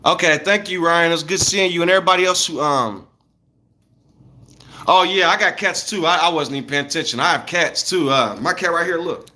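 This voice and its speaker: Guy in his 30s streaming from home, kinda high bright voice, animated, swears a lot talking to chat. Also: brisk. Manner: animated, loose and profane, talking straight to viewers. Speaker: livestreamer. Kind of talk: casual storytelling on a livestream.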